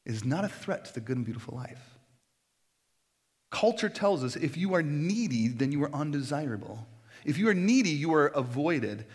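A man preaching a sermon in a conversational, animated way, now and then acting out quoted voices. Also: a little high, normal speed. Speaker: pastor.

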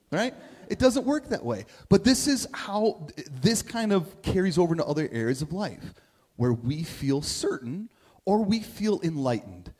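A man's voice: sits high, big pitch swings, unhurried, darkish tone, breathy edge. A middle-aged man giving a sermon as a pastor, telling stories in a conversational way and asking "right?" often. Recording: long reverb of a big hall.

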